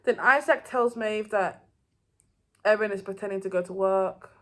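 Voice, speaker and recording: A woman's voice: mid-range voice, normal speed. A woman giving a casual, rambling recap of a TV season, with loose phrasing and frequent restarts. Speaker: TV show reviewer.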